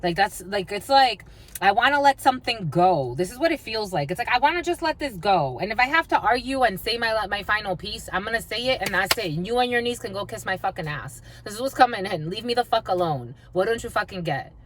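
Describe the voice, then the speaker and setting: A woman's voice: medium pitch, animated, brisk, fairly bright tone, slight background noise. Blunt, swearing woman psychic reader. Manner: blunt, swears freely, half-sings lines. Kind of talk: channeled tarot reading.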